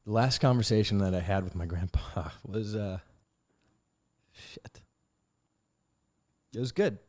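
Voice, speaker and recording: A man telling personal stories in a casual interview, animated and swearing freely, acting out quotes in a loud voice. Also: lowish voice, brisk. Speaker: actor interviewee.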